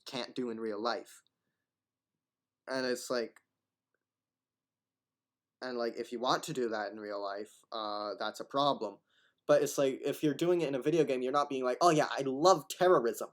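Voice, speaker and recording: A man talks through his objections in a loose, rambling commentary. He argues his case while frequently stumbling and restarting his words. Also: medium pitch. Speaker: commentator reacting to a video.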